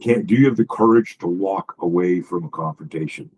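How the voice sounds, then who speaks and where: A man's voice: deep voice, a little fast, a little mellow, slightly rough, low-quality recording. A man, a self-defense coach, talking as a guest in a casual podcast conversation, emphatic and profane, piling up stories and restarting sentences.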